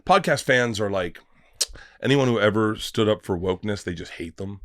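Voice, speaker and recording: Animated storytelling man on a podcast. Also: fairly low pitch, normal speed, no room sound, studio quality. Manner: animated storyteller, acts out quoted voices, swears freely. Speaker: comedian guest. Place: podcast studio.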